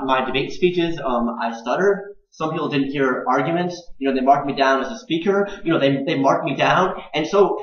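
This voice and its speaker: A man's voice: a little high, a bit bright. A young man who stutters, repeating words and syllables with many fillers, talking earnestly in a personal video blog. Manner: earnest, grows more intense as he speaks. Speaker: video blogger. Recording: roomy, dull home camera sound.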